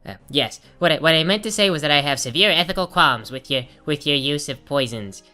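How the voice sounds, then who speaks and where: Lady cracking sarcastic jokes over a game, low-ish bright voice, soft music behind. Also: expressive, fairly quick. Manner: sarcastic, jokey. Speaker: let's play host. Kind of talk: comedic game commentary.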